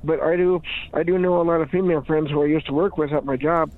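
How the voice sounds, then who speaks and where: A man's voice: on the high side, level tone, fast talker. A man chatting in a rambling, giggly way, often restarting his sentences and laughing. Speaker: podcast regular. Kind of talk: rambling casual chat. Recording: tinny phone-like sound.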